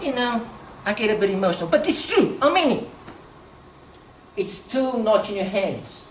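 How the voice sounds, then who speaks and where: A woman from Africa, giving a passionate public talk, emphatic and quick to laugh. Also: high voice, slight background noise. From South Africa. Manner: animated, emphatic, laughs often. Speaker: speaker at a talk. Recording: echoey room, distant mic, faint ambience.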